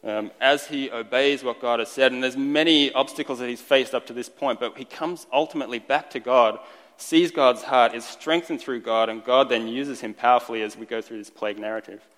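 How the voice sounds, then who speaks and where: A man preaching a sermon in a relaxed, conversational way, joking lightly and restarting his sentences now and then. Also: mid-range voice, brisk. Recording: long reverb of a large hall.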